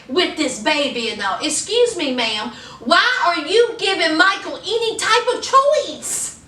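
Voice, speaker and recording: A woman recapping a reality show in a sassy, animated way, talking straight to her viewers. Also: high voice, recorded from a distance. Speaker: TV recap vlogger. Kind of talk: sassy casual recap monologue. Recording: echoey room, a bit off-mic, faint room noise.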